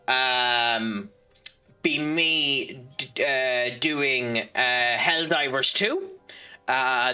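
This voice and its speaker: A man's voice: medium pitch, bright, forceful tone. An Irish man streaming a game, talking casually and rambling with lots of ums and restarts while he chats with his viewers. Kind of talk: casual gameplay commentary and chat reading.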